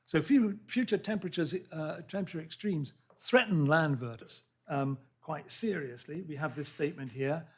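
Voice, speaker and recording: A man giving a public science lecture in a hall, earnest and halting, often restarting his words and reading out quotes. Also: a little high, slightly rough. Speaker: lecture speaker.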